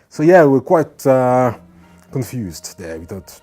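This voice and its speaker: A man's voice: mid-range voice, very animated, slow, long pauses, soft background music. A man giving an earnest motivational talk, repeating his points and now and then acting out angry people. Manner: earnest, repeats phrases, acts out shouting people. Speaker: motivational speaker.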